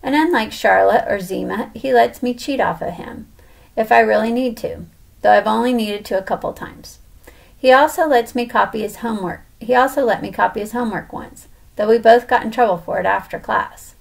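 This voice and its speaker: A woman's voice: a little high, brisk, creaky. A woman reading a children's novel aloud in a casual first-person storytelling tone. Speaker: audiobook reader.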